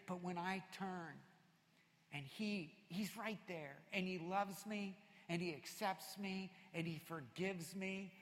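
A man preaching a sermon to a congregation, energetic and shouting at his peaks, then dropping low and soft. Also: a little slow. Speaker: pastor. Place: large church hall with congregation. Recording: reverberant church hall.

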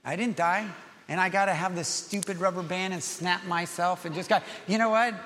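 High-voiced preaching pastor, man, hall reverb. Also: normal speed. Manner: animated preaching, softening to gentle prayer. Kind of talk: sermon.

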